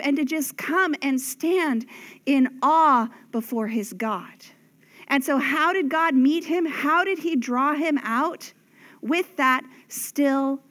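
Female preacher, high pitch, unhurried dramatic delivery with whispered emphasis. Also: fairly bright tone. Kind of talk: sermon.

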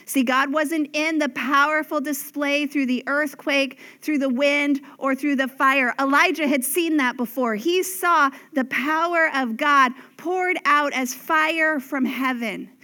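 Female preacher, high pitch, unhurried dramatic delivery with whispered emphasis. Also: steady tone, pushed and bright. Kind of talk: sermon.

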